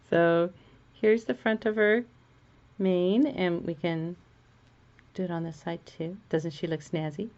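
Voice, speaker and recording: Woman, chatty and self-amused, low-pitched, dull lo-fi sound. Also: fairly even intonation, slow, long pauses, darkish tone. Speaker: crafting vlogger. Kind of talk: casual knitting tutorial chat.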